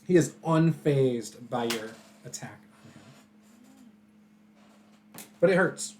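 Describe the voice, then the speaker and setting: A game master narrating a tabletop session in a relaxed way, with frequent fillers. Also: mid-range voice, slow, pauses often, slight background noise.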